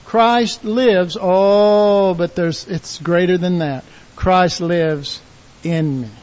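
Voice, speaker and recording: A man preaching a sermon in a folksy, animated way, acting out quotes and shouting call-and-response lines. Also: high-pitched, slow, muffled recording.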